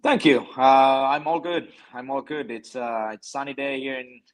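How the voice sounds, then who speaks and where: A man from Finland with a Finnish accent, a hockey player guest answering in halting English and often repeating words. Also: mid-range voice. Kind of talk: casual interview.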